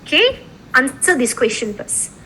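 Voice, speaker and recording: This law lecturer is a woman whose somewhat high voice rises and falls dramatically as she teaches. Lively, she repeatedly tosses "okay?" and "right?" to the class. The audio is poor, with a faint hiss in the background.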